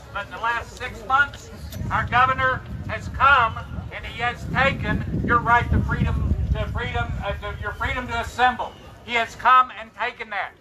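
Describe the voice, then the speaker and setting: A man's voice: very high voice, distant mic. A man speaking to an outdoor rally crowd, rousing and repetitive, heard among street and crowd noise. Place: outdoor protest on a city street. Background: crowd and traffic noise.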